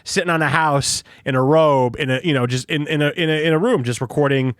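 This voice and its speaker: A man's voice: fairly high pitch, a little fast, smooth, dry recording. A young man hosting a podcast in casual chat, rambling and swearing, recorded on a studio microphone. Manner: swearing, rambling, laughs often. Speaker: podcast host.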